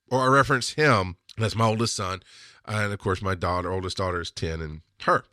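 A man's voice: mid-range voice, bright, forceful tone, no room sound, studio quality. A man in his thirties or forties hosting a casual solo podcast, telling rambling stories and acting out the people he quotes. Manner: rambling storyteller who acts out quoted voices. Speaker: podcast host.

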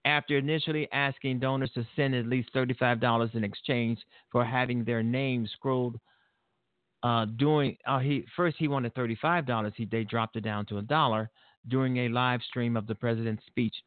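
A man hosts his own show and rants in outraged, rambling commentary, often stopping to laugh and restart his sentences. His voice is thin and boxy, as if it came down a phone line, with no room sound around it. He sits at a middle pitch. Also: steady tone, moderate pace, no echo. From Illinois, USA. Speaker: show host. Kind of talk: solo political commentary. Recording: dry tinny phone-like sound.

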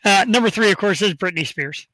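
A man's voice: sits high, brisk, pushed and bright, dry recording, low-quality recording. A man hosting a casual podcast from a home studio, talking with upbeat, rambling enthusiasm into a desk microphone. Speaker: host.

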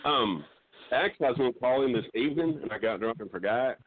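A middle-aged man calling in to a talk show, telling meandering jokes with halting restarts. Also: mid-range voice, expressive, no room sound. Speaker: regular caller. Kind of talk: rambling comedic call-in chat. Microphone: phone. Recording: dry tinny phone line.

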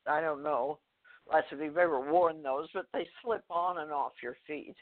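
An older woman, a guest author, telling a personal story in a phone interview, halting, with fillers, restarts and soft laughs. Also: low-pitched. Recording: tinny phone line.

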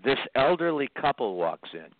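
A man's voice: medium pitch, big pitch swings, moderate pace, gravelly, slight background noise. An older man telling stories as a musician guest on a casual radio interview, chuckling often and restarting his sentences. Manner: storytelling, chuckling, many restarts. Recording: tinny phone line.

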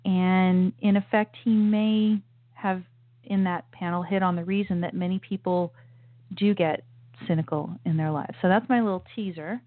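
A woman's voice: fairly low pitch, steady tone, moderate pace, dry recording. Opinionated woman host on a tinny line. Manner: opinionated, emphatic, many restarts and asides. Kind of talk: political commentary show. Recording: tinny phone-like sound, dry.

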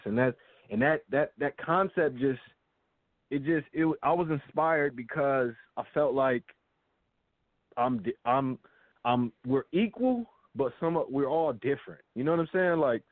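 Man from Los Angeles, casual and rambling with slang and restarts, mid-pitched voice, dry tinny phone-like sound. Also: moderate pace, no echo. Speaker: guest artist. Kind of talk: casual interview talk.

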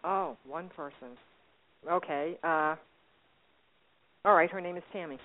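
A woman calling in to a radio show, speaking softly and laughing easily as she answers the host. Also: lowish voice, measured pace. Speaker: caller. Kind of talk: phone-in chat. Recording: tinny phone line with faint noise.

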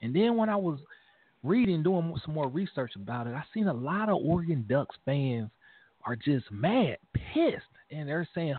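A man co-hosting a casual sports talk show, animated and emphatic, often repeating phrases as he talks straight to fans. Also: fairly high pitch, normal speed, dry recording. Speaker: podcast co-host. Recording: phone-like narrow sound.

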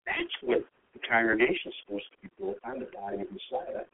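Gravelly, lively male preacher on radio. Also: high voice, fairly quick, few pauses, narrow, tinny audio. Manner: conversational, with jokes and asked questions; reads scripture and acts out the quoted lines. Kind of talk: sermon, Bible teaching.

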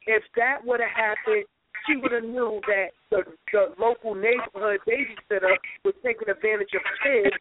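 A woman's voice: on the high side, steady tone, normal speed. Preachy woman on a noisy phone line. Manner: preachy, repeats phrases for emphasis. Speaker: caller, guest's sister. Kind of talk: phoned-in radio chat.

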